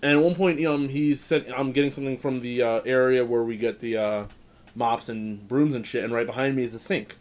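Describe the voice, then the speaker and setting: A man's voice: mid-range voice, steady tone, brisk, a little mellow. A man co-hosting a podcast, casually telling a rambling work story with frequent restarts and plenty of swearing. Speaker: podcast co-host. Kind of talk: casual chat.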